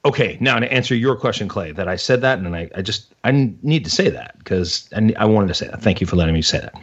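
A man's voice: lowish voice, lively intonation, quick pace. A man chatting as a podcast guest, rambling and self-deprecating as he tells stories. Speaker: guest analyst. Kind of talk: casual podcast chat. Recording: dull lo-fi audio.

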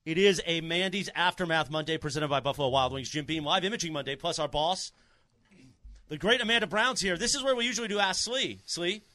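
A man's voice: a little high, fairly quick, pushed and bright, no room sound. A man on a sports radio show, upbeat and announcing segments amid the banter.

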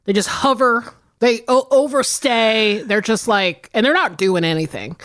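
A woman co-hosting a podcast, joking and swearing in an animated way, laughing often. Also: a little high, a little slow. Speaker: podcast co-host. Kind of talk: casual chat.

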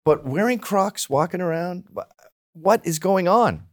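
A man's voice: sits high, measured pace. A man guesting on a podcast, telling mocking, profane stories in a casual chat. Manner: animated, mocking storyteller with profanity.

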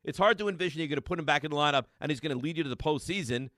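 A male sports radio host, ranting in a rapid string of repeated rhetorical questions. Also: a little high, fairly bright tone, dry recording, clean studio sound. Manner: emphatic, repetitive rhetorical questions. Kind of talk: sports talk radio rant. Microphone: studio microphone.

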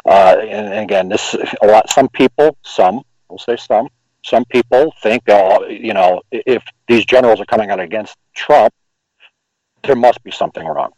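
Low-voiced male talk radio host. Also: darkish tone, no echo, highs cut off. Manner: halting, hesitant questioning with restarts.

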